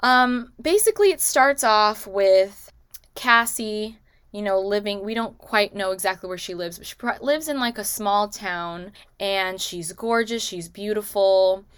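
A woman's voice: medium pitch, a bit bright, clean tone, no echo. A woman in a casual movie recap vlog, talking chattily with many "like" and "you know" asides. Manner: acts out characters' lines in quick quotes. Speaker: movie recommendation vlogger.

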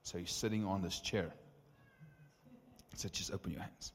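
A young man preaching a testimony sermon, telling stories with lively acted-out dialogue. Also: sits low, moderate pace, slight background noise. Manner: animated, acts out dialogue in stories. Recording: long reverb of a hall.

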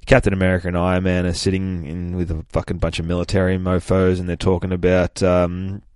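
A man's voice: low voice, monotone, a little fast, darkish tone, clear, resonant tone, dry recording. A man hosting a comic podcast, recapping an issue in a rambling, profane, casual way. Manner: profane, rambling, swears constantly.

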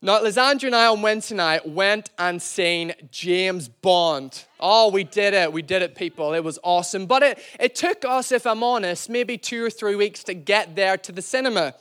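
A man's voice: sits high, moderate pace, few pauses, fairly bright tone, clear, resonant tone. A man preaching a sermon, telling a playful, self-deprecating story and calling out to the church. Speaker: pastor.

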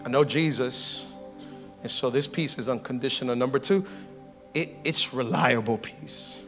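A male pastor preaching a lively sermon, acting out everyday scenes and calling on the congregation to respond. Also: mid-range voice, measured pace, music in the background. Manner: animated, acts out everyday scenes and voices; calls for audience response.

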